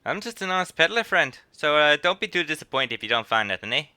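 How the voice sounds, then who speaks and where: A man's voice: on the high side, big pitch swings, quick pace, bright, forceful tone, clean tone, no echo, heavily acted. An actor playing a chatty old male peddler in a game cutscene, folksy and wary of soldiers. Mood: sly. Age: older. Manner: folksy, drawling storyteller.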